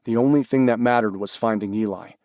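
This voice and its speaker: A man reading an audiobook in an even, measured manner. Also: medium pitch, no echo, studio quality. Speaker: audiobook narrator. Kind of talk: scripted audiobook narration.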